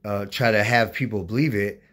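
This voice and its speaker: A man's voice: on the low side, steady tone, moderate pace, fairly bright tone. A man talking casually to his channel's viewers, rambling with many fillers and restarts, insistent as he corrects their views. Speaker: YouTuber. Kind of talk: casual talk to camera.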